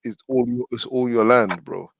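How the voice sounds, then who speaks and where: Teasing co-host, casual, faint background noise. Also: male voice, medium pitch, normal speed, vocal fry. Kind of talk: casual group chat.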